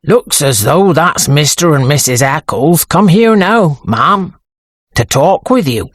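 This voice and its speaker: A woman reading an audiobook, voicing a stolid middle-aged male police sergeant who speaks slowly and deferentially. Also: low voice, expressive, no echo, studio quality, exaggerated voice. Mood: steady.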